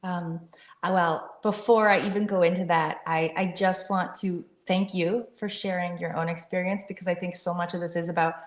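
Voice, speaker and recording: A woman's voice: fairly low pitch, fairly even intonation, normal speed. A middle-aged woman, a startup founder, talking earnestly and upbeat as an interview guest. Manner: earnest, upbeat, fluent with fillers. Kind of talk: conversational interview. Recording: echoey room.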